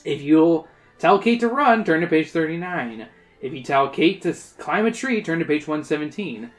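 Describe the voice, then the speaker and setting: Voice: mid-range voice, lively intonation, moderate pace, soft background music. A podcast host reading a choose-your-own-adventure book aloud, dramatic and playful. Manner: dramatic reading that breaks into laughs and jokes.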